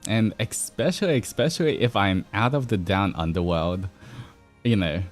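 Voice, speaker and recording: A man's voice: lowish voice, moderate pace, faint music behind. A man with an Australian accent chatting casually with viewers on a stream, playful and laughing often.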